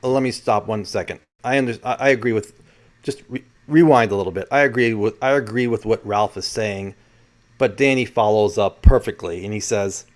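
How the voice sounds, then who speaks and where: A man's voice: fairly low pitch, fairly quick. A man hosting his own channel, talking through a transcript in casual commentary, often stopping to correct and restart himself. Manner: rambling, self-correcting, many restarts. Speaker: channel host.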